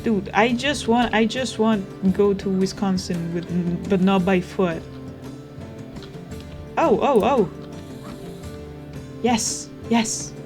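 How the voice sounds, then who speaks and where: A young woman chatting casually as she plays a video game, rambling and thinking out loud. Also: medium pitch, fairly even intonation, takes it slowly, few pauses. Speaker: gaming streamer. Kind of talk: casual let's play commentary. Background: game music.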